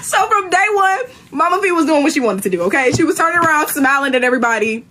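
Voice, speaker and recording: A young woman chatting casually on a live stream, telling a lively story and acting out what people said. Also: quick pace. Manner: animated storytelling, acts out quotes in high voice. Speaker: reality show contestant.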